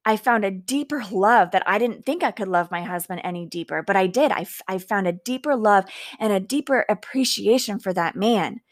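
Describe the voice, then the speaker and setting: This is a podcast host, a thirtysomething woman whose voice sits in the mid-range. Reflecting on something personal, she speaks with earnest faith and eases her pace to give weight to key words.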